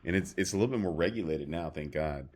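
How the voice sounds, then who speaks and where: Speaking quickly in a low, somewhat dark voice, this man co-hosts a podcast and rambles through his stories in easygoing chat, stumbling over fillers and starting sentences again.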